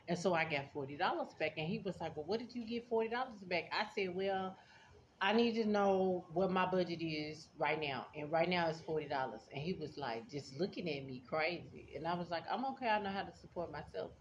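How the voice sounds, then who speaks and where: A woman telling a casual storytime to her viewers, blunt and sassy, laughing often as she talks. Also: mid-range voice. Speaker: vlogger. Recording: dull lo-fi sound with faint background noise.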